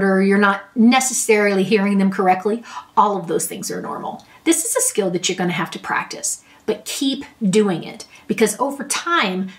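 Middle-aged woman therapist, chatty advice lesson, mic a bit far off. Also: mid-range voice. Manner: friendly, conversational, explains with examples. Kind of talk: talking-head advice lesson.

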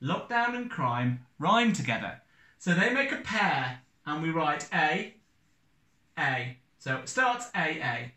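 A man teaching a recorded lesson, counting out syllables and beats in a slow, sing-song way. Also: a little high, big pitch swings, bright, forceful tone, reverberant.

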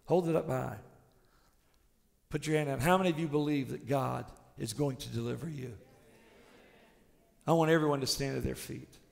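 A male pastor preaching a sermon with passion, swinging between shouted declarations and hushed, intimate tones. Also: mid-range voice, moderate pace, vocal fry, long pauses, big-room sound.

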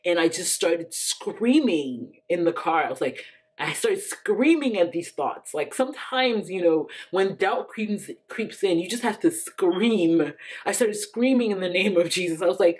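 A woman's voice: on the low side, animated, measured pace, darkish tone. Chatty woman vlogger, filler-heavy storytelling. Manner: chatty, lots of "like" fillers, laughs often. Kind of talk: casual personal storytelling.

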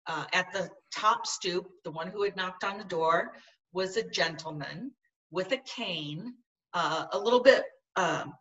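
A woman's voice: lowish voice, a little slow, a bit bright, distant mic, dull audio. A woman guest in an interview, telling a personal story in an earnest, vivid way. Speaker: podcast guest.

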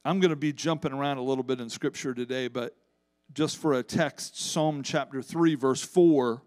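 A man's voice: medium pitch, normal speed, a little mellow, no echo, clean studio sound. A man preaching a sermon as pastor at a church service, in an impassioned, emphatic manner.

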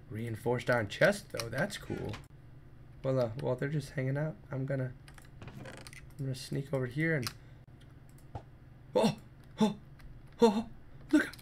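A man commenting on his gameplay, jumpy and excitable, yelping and making sound effects in fights. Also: fairly high pitch, creaky, a little hiss or hum. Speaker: let's play gamer.

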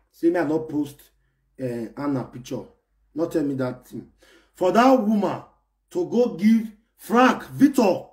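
A man ranting to his fans in an excitable, scolding way, repeating himself and bursting into shouts. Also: a little high. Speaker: online personality ranting to fans. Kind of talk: animated pidgin rant.

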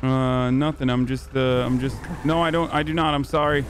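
A man's voice: mid-range voice, fairly even intonation, normal speed, noisy background. Stammering, swearing man streaming a game. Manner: hesitant, stammering, heavy swearing. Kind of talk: in-character game roleplay banter.

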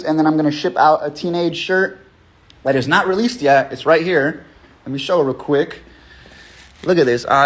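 Slangy, profane young man on a livestream. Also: a little high. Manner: profane, rambling, loose slangy motivational talk. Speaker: livestream host running a raffle. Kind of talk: casual livestream chat.

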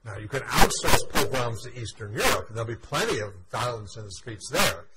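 A male university history lecturer giving a measured lecture full of "uh" fillers. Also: medium pitch, lively intonation. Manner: frequent "uh" fillers, measured explanatory delivery. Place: university classroom. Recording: loud background noise.

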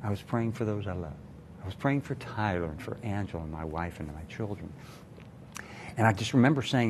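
An older man with a very deep, low voice shares a painful family story on a TV interview. He speaks earnestly and measures his words. A faint noise sits under the recording. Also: animated, brisk, a little mellow. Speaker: retired cardiologist, guest.

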